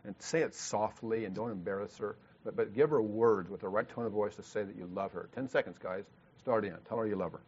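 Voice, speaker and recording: Male church seminar leader, rapid delivery with restarts, muffled recording. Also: fairly low pitch, darkish tone, breathy edge. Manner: fast, repetitive, with stammered restarts. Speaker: marriage workshop leader. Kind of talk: leading a church couples seminar. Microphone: handheld mic. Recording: dull lo-fi sound.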